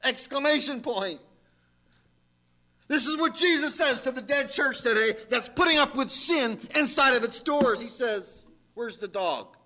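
Male pastor, middle-aged, emphatic sermon, high voice, bright tone, unhurried delivery. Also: lively intonation, slight background noise. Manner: emphatic preaching, rising to shouted exhortations.

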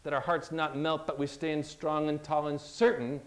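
A man preaching a sermon, emphatic and at times exhorting loudly, acting out the doubts of believers. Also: fairly high pitch, flat delivery, moderate pace. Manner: emphatic, rising to loud exhortation; acts out voices of doubting believers.

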